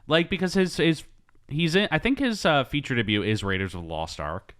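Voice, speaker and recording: A man's voice: fairly high pitch, lively intonation, a little fast, a bit bright, clear, resonant tone. A man hosting a podcast in casual chat, rambling and hesitant with many ums. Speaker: podcast host.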